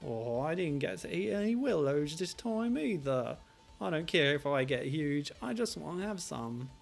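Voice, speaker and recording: A man voicing a greedy, hot-tempered young witch girl in a squeaky falsetto, shrill and fiery. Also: very animated, moderate pace, creaky, soft background music, heavily acted. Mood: whiny.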